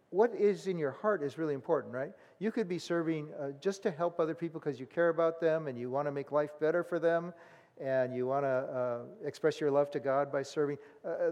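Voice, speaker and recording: Conversational male pastor in echoing hall. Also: a little high. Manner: conversational, animated, acts out voices. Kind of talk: sermon.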